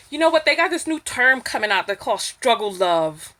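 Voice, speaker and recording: New York woman vlogger, emphatic and animated, high bright voice. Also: moderate pace. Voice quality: emphatic, animated, rising to near-shouts when indignant. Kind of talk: candid opinion vlog.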